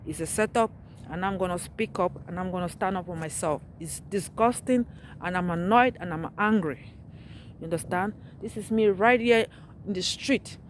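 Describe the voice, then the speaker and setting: A woman walks a dark street at night, phone in hand, ranting in an agitated, repetitive way. Her voice sits at an ordinary middle pitch. Faint traffic noise runs behind her. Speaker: vlogger. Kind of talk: angry street vlog rant.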